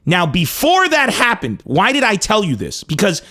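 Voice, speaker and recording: A man from Lebanon telling a crude comic story with animated, profane emphasis. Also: high-pitched, normal speed. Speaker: comedian host. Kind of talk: comedic storytelling.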